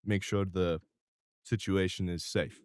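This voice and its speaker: A man's voice: deep voice, steady tone, a little slow, a little mellow, dry recording, studio quality. A man doing a courteous one-eyed henchman.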